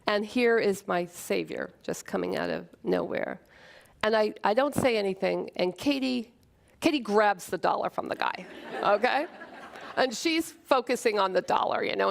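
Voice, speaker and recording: Earnest gravelly-voiced woman telling a story. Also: fairly high pitch. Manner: earnest, emotional storytelling with dramatic pauses. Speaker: speaker at a short talk event. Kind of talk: personal storytelling talk.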